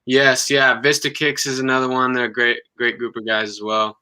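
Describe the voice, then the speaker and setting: Bright-voiced hesitant young man. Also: mid-range voice, flat delivery, clear, resonant tone. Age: 20s. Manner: halting, many ums and restarts. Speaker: guest musician. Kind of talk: casual interview chat.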